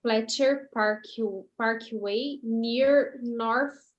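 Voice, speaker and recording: A woman's voice: fairly high pitch, fairly even intonation, very slow, highs cut off. A Brazilian woman in her thirties with a Portuguese accent, a Portuguese native speaker, reading aloud hesitantly in an English lesson and sounding out hard words. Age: 30s. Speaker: English student.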